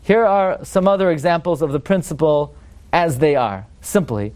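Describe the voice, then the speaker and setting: A man with a fairly high voice leads a Torah class. He quizzes the room and slows down to chant verses as he makes each point. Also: darkish tone. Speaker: Torah teacher.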